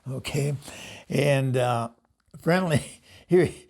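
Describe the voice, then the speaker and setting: A man's voice: medium pitch, extremely slow, a little mellow. An older man, host of the show, telling rambling stories in casual talk, often laughing and acting out what others said. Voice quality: gravelly. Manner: rambling, laughs often, acts out quoted voices. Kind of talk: casual storytelling monologue.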